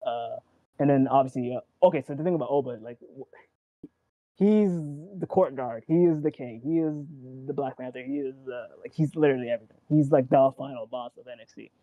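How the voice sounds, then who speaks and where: A man in casual chat about wrestling, rambling and excitable, acting out quotes and swearing. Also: mid-range voice, fairly quick, no echo, phone-quality sound. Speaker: wrestling show co-host.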